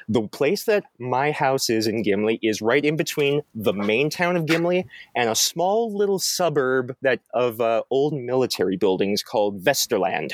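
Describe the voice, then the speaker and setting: Young man, from Canada, casual storytelling, animated, jumps up high for quoted lines. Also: moderate pace, no echo. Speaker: storyteller guest. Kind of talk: casual anecdote telling.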